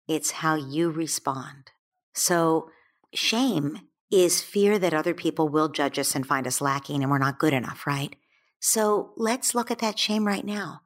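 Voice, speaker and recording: Gentle woman, kinda low voice, calm parenting advice, slows down to make a point. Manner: gentle, soothing, slows down for emphasis. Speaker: parenting expert guest.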